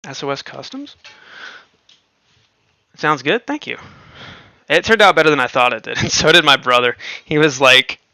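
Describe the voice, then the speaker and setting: A man's voice: medium pitch, expressive, moderate pace, long pauses, sharp tone, clean tone, no echo. A man hosting a livestream, chatting casually and rambling with lots of fillers and frequent laughs. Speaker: livestream host.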